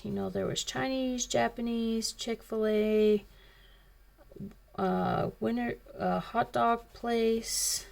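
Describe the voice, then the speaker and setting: A woman's voice: on the high side, steady tone, takes it slowly, vocal fry, long pauses, a little mellow. A woman hosting a coloring video, telling a rambling, chatty story in casual talk. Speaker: coloring channel host. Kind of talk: casual chat while coloring.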